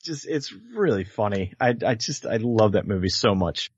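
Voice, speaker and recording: A man co-hosting a casual movie podcast, rambling and excitable, often laughing. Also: lowish voice, moderate pace, breathy edge, no room sound, highs cut off. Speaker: podcast co-host. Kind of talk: casual chat about movies.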